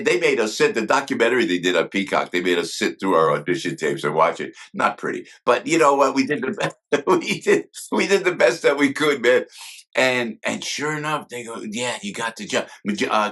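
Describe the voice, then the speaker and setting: A man's voice: medium pitch, a little fast. A man telling show-business stories as an interview guest, acting out the dialogue. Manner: animated storyteller, acts out quoted dialogue. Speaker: guest, former comedy cast member. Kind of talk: casual storytelling interview.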